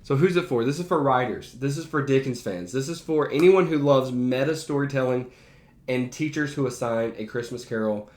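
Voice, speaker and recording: A man's voice: medium pitch, moderate pace, a little mellow. A man who works as a teacher, ranking favorite movies in a casual, enthusiastic and emphatic way. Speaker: teacher and behavior analyst. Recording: roomy echo.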